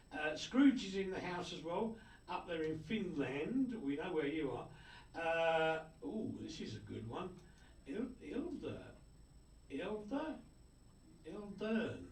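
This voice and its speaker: A man hosting a radio show, chatting casually and jokingly as he reads out listener greetings. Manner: jokey, chatty, with lively swings of pitch. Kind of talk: casual on-air chat, reading listener messages. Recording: roomy, distant mic with faint noise.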